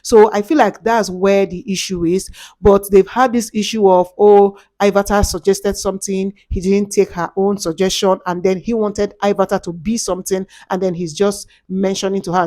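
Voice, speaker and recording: A young Nigerian woman with a Nigerian accent gossips in a lively, dramatic way. Her voice sits at an ordinary middle pitch. The recording is close and dry, with no room sound. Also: moderate pace, no echo. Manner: animated, dramatic gossip with Pidgin asides. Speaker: reality show commentator. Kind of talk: casual chat.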